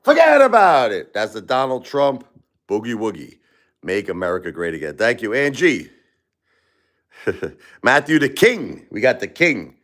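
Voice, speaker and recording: A brash, excitable man in his forties from Brooklyn with a New York accent, chatting casually on a livestream between songs and laughing often. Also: medium pitch, measured pace, long pauses. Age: 40s. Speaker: livestream pianist and singer. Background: faint piano music.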